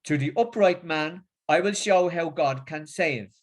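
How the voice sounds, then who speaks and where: Halting Northern English man preaching. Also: on the high side. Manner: halting, with many repeats and fillers. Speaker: religious speaker. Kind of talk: religious talk and casual chat.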